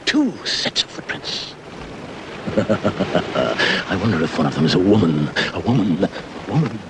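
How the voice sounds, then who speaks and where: Castaway man, unhinged, lively pitch, shrill peaks, acted by a comedian. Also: measured pace, noisy background, exaggerated voice. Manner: brooding, then manic and shrill. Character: lonely male castaway, jealous and unhinged.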